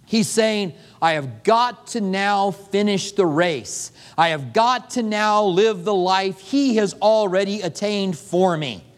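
Slow and high-pitched with few pauses, a man preaches as pastor. In lively fashion he acts out little dialogues mid-sermon, his words echoing with long hall reverb.

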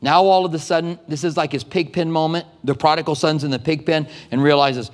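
A man preaching as a pastor, telling stories in a conversational, animated way with quick asides. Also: on the high side. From United States. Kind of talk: sermon. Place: church sanctuary. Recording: long hall reverb.

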